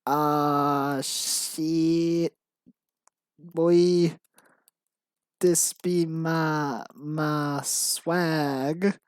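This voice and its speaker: A woman's voice: low-pitched, fairly even intonation, clear, resonant tone, no room sound, clean studio sound. Woman putting on a taunting male street thug. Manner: slow taunting slang drawl.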